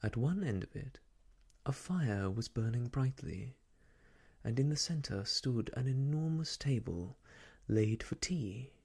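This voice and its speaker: A man reading a children's classic aloud in a gentle, hushed, half-whispered ASMR style. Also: mid-range voice, lively intonation, slow, breathy edge. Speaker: storyteller. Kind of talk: soft-spoken ASMR story reading.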